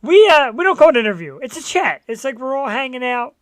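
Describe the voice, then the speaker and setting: Loud jokey male talk show host. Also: very high voice, sing-song, fast, dry recording. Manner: loud, jokey, laid-back. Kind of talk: casual talk show chat.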